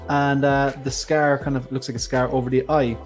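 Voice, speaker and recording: A man's voice: mid-range voice, level tone, normal speed, faint music behind. A man with an Irish accent hosting a casual livestream, chatting and reading out viewer comments. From Ireland. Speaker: livestream host. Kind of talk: casual chat.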